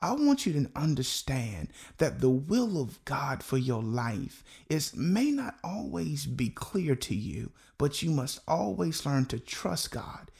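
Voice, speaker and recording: A man's voice: a little high, big pitch swings, slow pace, vocal fry, few pauses, darkish tone. A man preaching a sermon as pastor, earnest and repeating key phrases for emphasis.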